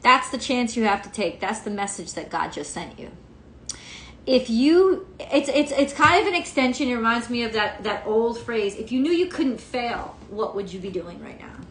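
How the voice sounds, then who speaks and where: A woman's voice: fairly high pitch, echoey room, a little hiss or hum. A woman giving a casual tarot reading, frank and emphatic, swearing freely. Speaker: tarot reader.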